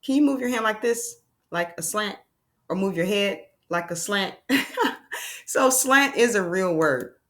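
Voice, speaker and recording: A woman's voice: mid-range voice, lively intonation, a little slow. A woman teaching a phonics lesson to young children, sounding out letters and making playful exclamations.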